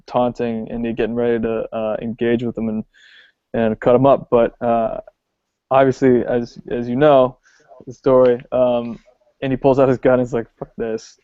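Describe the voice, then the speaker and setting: A man co-hosting a podcast, talking casually about films with many pauses and ums. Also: mid-range voice, dry recording. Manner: relaxed, hesitant with many ums. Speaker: podcast co-host. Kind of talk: casual film discussion. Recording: dull lo-fi podcast audio.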